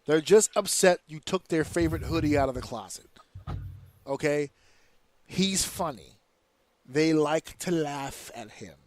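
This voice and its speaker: This time the wrestling podcast host sounds a little high and expressive, taking his time and leaving long pauses. His casual commentary is still a heated, profane, slang-heavy rant, and he keeps slipping into slang and imitated voices.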